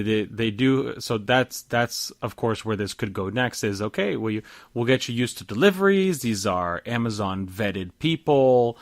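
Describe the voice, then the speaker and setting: A man co-hosting a casual podcast, chatty and quick to get worked up. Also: lowish voice, no room sound. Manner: animated, jumps up when surprised. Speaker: podcast co-host. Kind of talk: casual chat.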